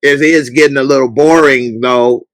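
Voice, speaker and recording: A man hosting a casual talk show, chatting loosely and breaking into loud mock rants at characters on TV. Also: medium pitch, fairly even intonation, moderate pace, dry recording, poor audio. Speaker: podcast host. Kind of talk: casual chat.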